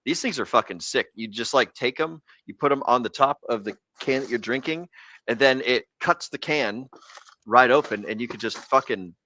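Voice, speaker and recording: A man's voice: mid-range voice, normal speed, bright, forceful tone, dry recording. A young adult American man hosting a casual livestream show, rambling, joking and swearing freely. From United States. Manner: rambling, profane and jokey. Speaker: podcast host.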